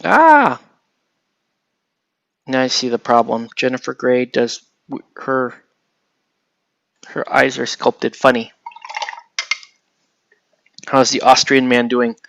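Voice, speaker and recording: A man's voice: mid-range voice, expressive, takes it slowly, vocal fry, pauses often, a bit bright. A man from the United States chatting casually with live viewers while painting miniatures, rambling and swearing lightly as he answers the chat.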